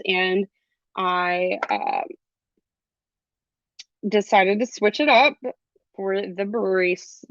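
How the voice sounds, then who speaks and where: Chatty young woman instructor, gravelly fry, dry close audio. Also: mid-range voice, dry recording, highs cut off. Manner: chatty, laughs often, lots of ums. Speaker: jewelry class instructor. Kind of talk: live online craft class.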